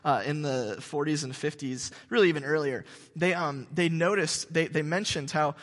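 A man preaching a sermon to his congregation, telling stories in an animated, joking way with many restarts. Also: a little high, moderate pace, in a large hall. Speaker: pastor. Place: church sanctuary.

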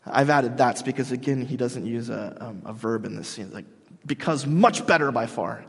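A man preaching a sermon as pastor, animated and emphatic, often restarting his sentences. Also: medium pitch, moderate pace, gravelly, slightly rough, in a large hall.

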